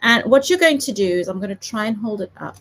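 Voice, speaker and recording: A woman's voice: mid-range voice, lively intonation, fast talker, a bit bright. A woman from South Africa with a light South African accent, giving a chatty, giggly live papercraft tutorial. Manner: chatty, giggly, self-deprecating. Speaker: papercraft demonstrator.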